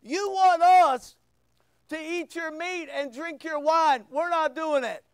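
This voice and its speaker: A man preaching a sermon as pastor, emphatic with sudden loud bursts and quiet asides. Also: very high-pitched, steady tone, takes it slowly, no room sound.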